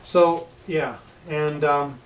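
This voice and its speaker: A man's voice: fairly high pitch, steady tone, drawn-out words. A man as a talk-show guest, telling anecdotes in casual chat and acting out the voices of people he quotes. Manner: anecdotal storyteller who acts out quoted voices. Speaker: guest, past life regression practitioner. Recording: echoey room, distant mic, faint noise.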